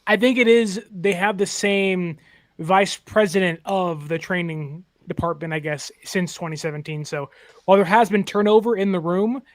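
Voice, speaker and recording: A man's voice: high-pitched, moderate pace, no room sound. A man as a podcast guest in casual chat, matter-of-fact as he gives stats.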